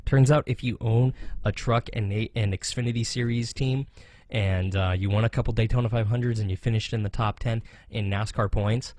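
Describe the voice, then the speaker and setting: An American man hosting a racing talk show, giving animated, opinionated commentary with sarcastic asides. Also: lowish voice, moderate pace. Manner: animated, sarcastic, mocks others in jokey voices.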